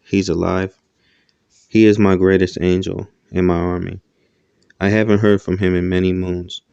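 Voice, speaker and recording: A man's voice: low voice, level tone, moderate pace, vocal fry, a little mellow, clean tone, no echo. A man voicing an ancient fatherly divine spirit, speaking in a solemn, consoling way on a dull lo-fi recording.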